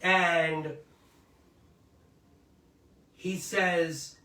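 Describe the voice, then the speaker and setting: A man's voice: on the high side, little pitch movement, drawn-out words, sharp tone. A middle-aged man hosting a commentary show, telling stories in a casual, emphatic, rambling way and often asking listeners to agree. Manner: emphatic, rambling storyteller who seeks agreement. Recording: roomy, distant mic with faint music.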